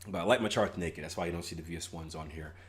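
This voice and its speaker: On a casual trading livestream, a young man cracks jokes, chuckles at them himself, and reads out viewers' comments, stumbling into restarts and ums along the way. His voice sits low and a bit bright, and he talks fast.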